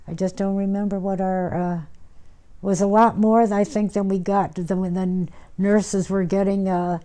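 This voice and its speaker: Older woman with a dark, flat voice. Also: medium pitch, a little slow. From United States. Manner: rambling, many fillers and restarts. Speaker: interviewee, former nurse. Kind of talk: oral history interview.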